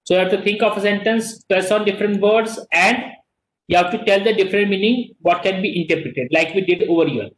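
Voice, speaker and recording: Indian male teacher, high voice, echoey. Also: fairly quick. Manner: repeats words, mixes Hindi and English. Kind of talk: online class lecture. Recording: echoey room.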